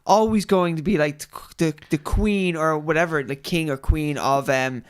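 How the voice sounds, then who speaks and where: Brief: male podcast co-host, high voice, loose, jokey, profane banter. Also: clean tone. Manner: animated, swearing, quick to joke and mimic. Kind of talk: casual chat.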